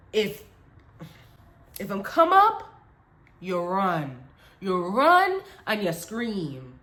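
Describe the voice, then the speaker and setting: A woman's voice: medium pitch, fairly bright tone. A woman voicing her anxious, protective mother, who repeats warnings and prays aloud, in an echoey room.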